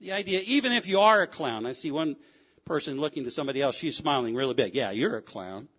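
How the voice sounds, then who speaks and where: A man preaching a sermon in a church, swinging between loud fervent cries and low quiet asides. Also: lively intonation, quick pace, slightly rough. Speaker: pastor. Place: church sanctuary.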